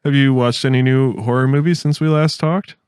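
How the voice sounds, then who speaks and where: A man co-hosting a podcast in casual chat, laid-back and quick to chuckle. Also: medium pitch, steady tone, a little mellow, clean tone, dry recording, clean studio sound. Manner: laid-back, chuckles often, acts out quotes. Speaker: podcast co-host.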